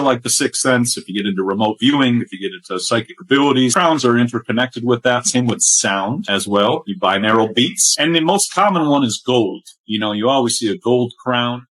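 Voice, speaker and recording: A man's voice: mid-range voice, a bit bright, low-quality recording. A man explaining his ideas in an earnest, rambling way, full of "you know"s. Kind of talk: casual explaining.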